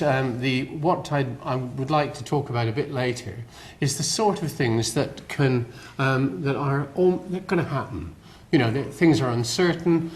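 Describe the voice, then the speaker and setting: An older man with a West Country English accent and a medium-pitched voice gives a public lecture as a guest in a lecture hall. He rambles and is dryly self-deprecating, with a little hiss or hum in the recording.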